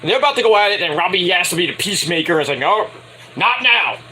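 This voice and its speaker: A man's voice: high-pitched, expressive, racing, bright, forceful tone, low-quality recording. A man giving a casual, crude and opinionated wrestling review, swearing freely.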